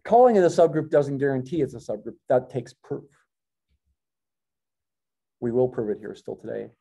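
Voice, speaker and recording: Middle-aged male math professor, very dark mellow tone, lecture delivery, corrects himself as he goes. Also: medium pitch, lively intonation, normal speed, vocal fry, breathy edge, dull audio. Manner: thinking aloud, self-correcting, wry asides. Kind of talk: classroom lecture.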